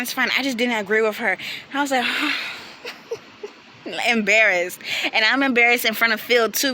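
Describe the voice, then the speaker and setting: A young woman vlogger telling a storytime in a chatty, animated way, acting out her friends' lines, recorded outdoors. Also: mid-range voice, slight background noise. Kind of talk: casual storytime. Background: passing vehicles.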